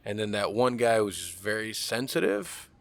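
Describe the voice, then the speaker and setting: Podcast host guy, laughs a lot and jumps in, really animated pitch, dry close mic. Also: creaky, dry recording. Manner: laughing, chiming in with quick reactions. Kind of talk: casual interview chat.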